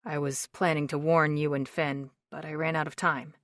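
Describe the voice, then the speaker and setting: A woman narrator voicing a guarded man who speaks low and steady. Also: moderate pace, no room sound, clean studio sound, lightly acted. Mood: restrained, steady. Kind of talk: audiobook narration.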